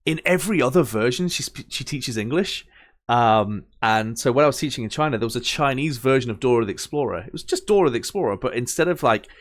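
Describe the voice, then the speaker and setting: A man's voice: mid-range voice, animated, fast. A young man casually commenting while playing a game, rambling off on tangents with lots of fillers. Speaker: gamer reading and commenting on a game. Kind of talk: let's play commentary.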